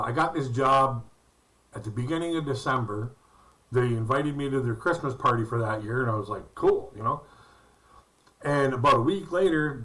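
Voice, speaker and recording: A man's voice: medium pitch, bright, forceful tone, far from the mic, poor audio. A man doing stand-up comedy, telling rambling, folksy anecdotes about his jobs and acting out the quotes. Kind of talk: storytelling stand-up routine.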